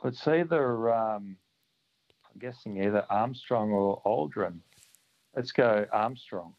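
A man calling in to a radio quiz, relaxed and plain-spoken. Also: on the low side, slow, lo-fi sound. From Australia. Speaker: caller. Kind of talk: talkback radio call.

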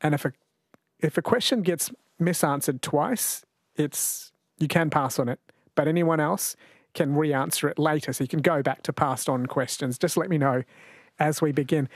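An Australian radio host runs a quiz show, chatting and joking into a studio mic and laughing often. His voice sits on the high side at a moderate pace, with no room sound.

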